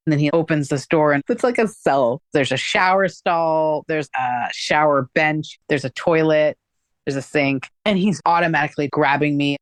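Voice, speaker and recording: Speaking at a moderate pace in a low register, this woman shares her own experience as a guest in an open, casual way. She often says "like" and voices other people's lines herself. No echo is present.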